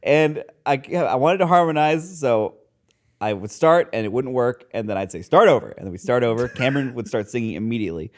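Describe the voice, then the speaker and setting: Man cohosting a podcast, deadpan jokes, swooping pitch. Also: brisk. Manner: joking, deadpan exaggeration. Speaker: podcast co-host. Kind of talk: casual comedic chat.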